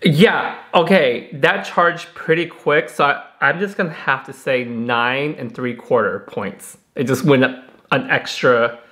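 A man, a professional hairstylist, reviewing a flat iron in a chatty, excitable, dramatic way. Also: mid-range voice, unhurried. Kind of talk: casual product review vlog.

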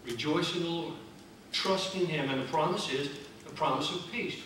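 A high-pitched man preaches to his congregation, talking plainly and pressing his points with repetition. His voice rings through a very reverberant church, picked up from a distance with a faint hiss underneath. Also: moderate pace, a bit bright. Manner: conversational, emphatic preaching with repeated phrases. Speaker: pastor. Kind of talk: sermon. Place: church sanctuary.

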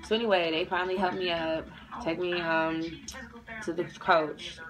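A young woman in a neck brace telling a story in an animated, profane, casual way and acting out everyone's voices. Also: lowish voice, moderate pace, music in the background, rough recording. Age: young adult. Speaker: vlogger.

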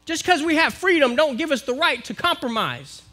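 High bright-voiced American preacher. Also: male voice, very animated, moderate pace. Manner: preaching, builds to forceful exhortation. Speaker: minister. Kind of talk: sermon. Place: church, live-streamed service.

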